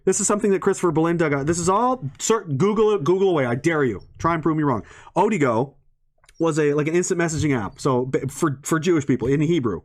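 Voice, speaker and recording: Profane, rambling man with a lively voice. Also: fairly high pitch, fast. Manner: profane, rambling, laughs mid-sentence. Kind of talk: ranting monologue to an audience.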